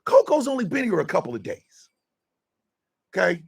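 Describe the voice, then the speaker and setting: A man's voice: high-pitched, huge pitch swings, normal speed, creaky, breathy edge. A man hosting a casual live stream, scolding a troll in mock indignation and tacking "sir" onto his lines.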